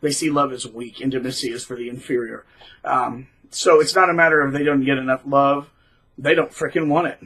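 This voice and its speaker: A man talking casually to camera in a rambling, animated way, with frequent restarts. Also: mid-range voice, fairly quick, low-quality recording. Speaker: middle school teacher, vlogger.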